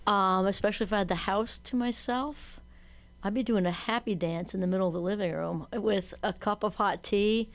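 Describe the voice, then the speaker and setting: Woman, podcast host, casual and chatty, lively storyteller, mid-range voice. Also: medium pitch. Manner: chatty and animated, quotes people in voices. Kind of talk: casual conversation.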